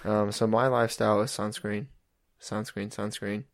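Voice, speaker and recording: A young man with a fairly low, gravelly voice steers a relaxed, wry podcast chat. The sound is close-miked and dry. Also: normal speed, no room sound. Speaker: podcast co-host. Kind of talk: casual chat.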